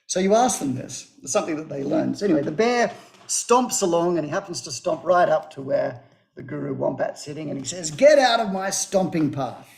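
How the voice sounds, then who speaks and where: A man's voice: a little high, brisk, gravelly, darkish tone. A man, a guest author, animatedly retelling a children's story on a talk show.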